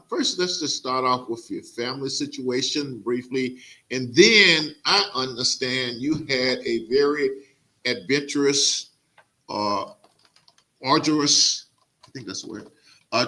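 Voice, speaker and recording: A middle-aged man from Mississippi hosting a podcast, speaking earnestly and haltingly with many "uh" fillers. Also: mid-range voice, pushed and bright. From Mississippi, USA. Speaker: podcast host. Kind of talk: casual interview introduction.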